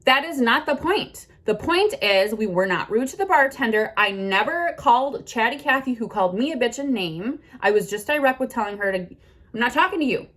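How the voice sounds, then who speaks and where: A woman's voice: on the high side, expressive, moderate pace, hardly any pauses, a bit bright. A middle-aged woman vlogging a defensive rant, blunt and indignant, swearing a lot.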